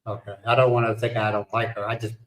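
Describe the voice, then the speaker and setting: A man's voice: on the low side, flat delivery, quick pace, fairly bright tone, roomy sound, low-quality recording. A middle-aged man hosting a livestream, telling stories in casual chat and laughing at his own punchlines. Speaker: livestream host.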